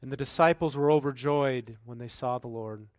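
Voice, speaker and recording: A pastor preaching a sermon in a dry room reads scripture and then comments conversationally, posing rhetorical questions. He has a mid-range voice at normal speed, and there is no room sound.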